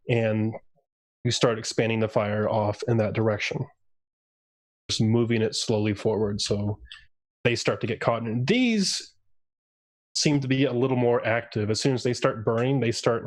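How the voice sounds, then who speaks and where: A man narrating as game master of a tabletop game livestream, casual and rambling, with frequent ums. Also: fairly low pitch.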